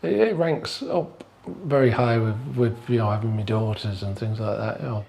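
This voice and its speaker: A man's voice: on the low side, normal speed, creaky, a little mellow. A middle-aged man, a bouncer and former amateur boxer, recounting his fights bluntly and with swearing. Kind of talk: casual chat, telling stories.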